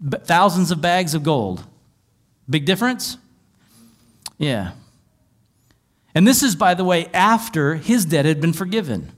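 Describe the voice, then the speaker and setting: A man preaching a sermon as pastor, reading scripture aloud and explaining it conversationally with wry asides. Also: fairly high pitch.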